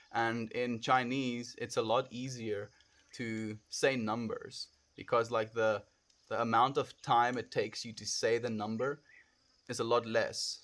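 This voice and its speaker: A South African man chatting casually on a late-night livestream, rambling softly with many fillers and calling viewers friend. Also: medium pitch.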